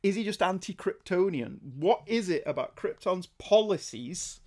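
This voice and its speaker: A man co-hosting a comic book podcast, talking in a wry, animated way with quick jokes and asides. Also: high-pitched. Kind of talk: casual review chat.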